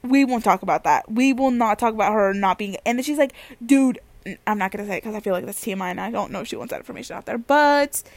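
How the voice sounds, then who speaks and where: Young woman vlogger, higher voice, animated and slangy with casual swearing, dry close sound. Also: dry recording. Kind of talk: casual storytelling.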